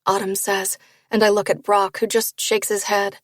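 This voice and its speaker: A woman narrating a first-person romance novel in a steady storytelling read. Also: mid-range voice, normal speed, dry recording, studio quality. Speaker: audiobook narrator.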